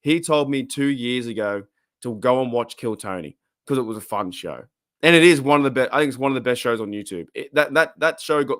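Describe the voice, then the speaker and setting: Australian male stream host, rambling chatty delivery, mid pitch, dry close-miked sound. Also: moderate pace, pauses often, clean tone, dry recording. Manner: rambling, chatty, laughs often, lively swings in pitch. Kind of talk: casual live stream chat.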